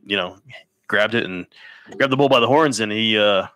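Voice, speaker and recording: A man co-hosting a casual live racing stream, excitable and gushing with praise. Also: lowish voice, moderate pace. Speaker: co-host and announcer.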